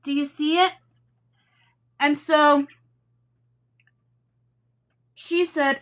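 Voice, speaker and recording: Bright, high-voiced woman chatting. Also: extremely slow, pauses often. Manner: animated storytelling, laughing, acting out quotes. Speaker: tarot channel host. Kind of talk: casual chat to viewers.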